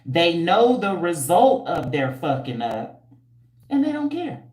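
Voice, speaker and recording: On her casual livestream, the host, a hair care entrepreneur, takes things slowly in a voice on the low side, with roomy sound. Blunt, slangy, teasing, animated, and preachy, she squeals and laughs often while reading viewer comments.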